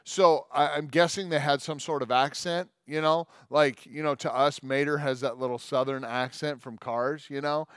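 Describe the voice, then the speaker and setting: A man preaching a sermon, his voice sitting a bit high for a man. He talks casually and jokes with quick asides, then reads scripture aloud at length. The recording is close and dry. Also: fairly even intonation, a bit bright, clean tone, no room sound. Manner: conversational and joking, with quick asides. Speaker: pastor.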